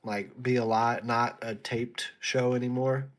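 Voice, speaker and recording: A man's voice: mid-range voice, level tone, moderate pace. A man co-hosting a casual wrestling podcast, chatting in an offhand, joking way. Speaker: podcast co-host.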